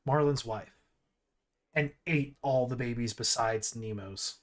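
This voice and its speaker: A man's voice: medium pitch, unhurried. A man streaming casual commentary while ranking movies, rambling with restarts and asides.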